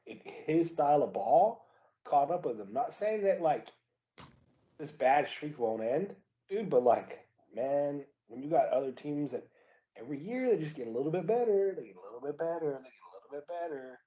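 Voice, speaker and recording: A man co-hosting a podcast in casual sports chat, animated, saying "dude" constantly and often restarting his sentences. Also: a little high, normal speed, highs cut off. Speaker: podcast co-host.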